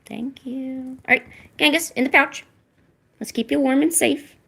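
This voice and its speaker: A woman with a slightly high voice and a gravelly edge coaxes her cats in a casual, sing-song way, as if chatting during a stream. The room is echoey, and faint hiss sits under her voice. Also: a little slow, pushed and bright. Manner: coaxing pet talk, often high and sing-song. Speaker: livestream host.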